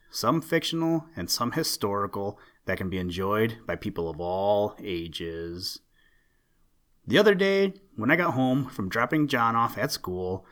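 Calm man reading children's stories. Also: on the low side. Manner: calm, earnest storyteller. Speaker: host and narrator.

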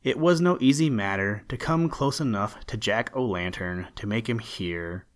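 A man reads a children's fairy tale aloud in a gentle, measured voice. His voice sits a little low for a man, steady and unhurried. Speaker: narrator. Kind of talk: storybook reading aloud.

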